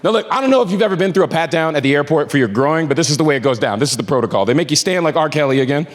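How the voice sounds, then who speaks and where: A male stand-up comedian telling a story on stage in an animated, profane way, with asides to a live audience. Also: a little high, rapid-fire. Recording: echoey venue with audience laughter.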